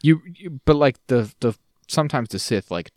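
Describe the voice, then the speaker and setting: Animated man casually chatting. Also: mid-range voice, moderate pace, no room sound, clean studio sound. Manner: animated, laughs often, slips into silly voices. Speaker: podcast co-host. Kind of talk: casual chat.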